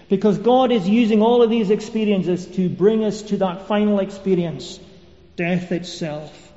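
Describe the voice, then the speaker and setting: A man's voice: sits high, warm tone. A man preaching a sermon, earnest and repeating key phrases for emphasis. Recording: echoey hall, dull lo-fi sound.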